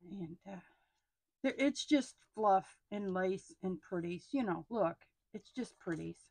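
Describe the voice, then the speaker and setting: A middle-aged woman, chatting casually as she unboxes stationery. She gushes with excitement and often drops into hushed asides. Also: mid-range voice, takes it slowly, no echo. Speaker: stationery haul vlogger.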